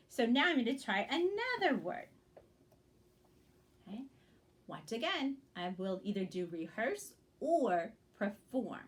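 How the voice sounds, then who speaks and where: A woman guides young children through a reading lesson, speaking slowly and with great patience. Her voice sits a little high, and she keeps checking in to encourage them. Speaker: teacher.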